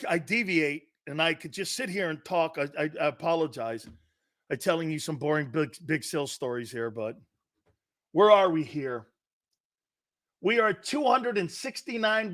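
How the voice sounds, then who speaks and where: The host of this laid-back sports talk live stream is a middle-aged man with a fairly high, slightly bright voice and noticeable vocal fry. He wanders from story to story, quotes other people, and laughs frequently.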